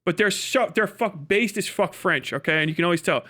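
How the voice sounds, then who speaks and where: A high-pitched man holds a loose, profane live-stream rant, laughing between his jabs. His talk is casual and full of swearing, dropped straight into the mic. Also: a little fast, sharp tone. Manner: profane, ranting, laughs often. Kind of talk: casual livestream chat.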